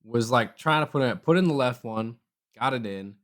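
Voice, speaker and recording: A young man chatting on a podcast, spinning a story in a relaxed, everyday voice. He keeps leaping up in pitch to act out the people he quotes, then drops back down to his normal tone. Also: normal speed. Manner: animated, acts out quoted voices with jumps in pitch. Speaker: podcast co-host. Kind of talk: casual storytelling chat.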